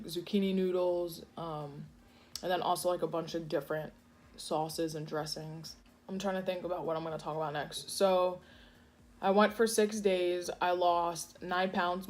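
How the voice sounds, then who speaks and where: A woman's voice: on the low side, steady tone, normal speed, a little mellow. A woman vlogger chatting casually while eating at home, rambling with many fillers and restarts. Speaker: food vlogger. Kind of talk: casual eating vlog chat. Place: home kitchen.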